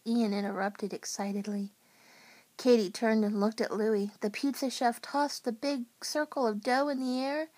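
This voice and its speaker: A woman reading a children's storybook aloud at bedtime, gentle and unhurried. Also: mid-range voice, fairly even intonation.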